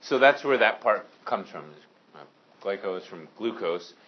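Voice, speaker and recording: Man, teacher, casual lecture, joking with students, classroom, low voice, dull recording. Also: expressive, moderate pace, breathy edge. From Maine. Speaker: high school science teacher.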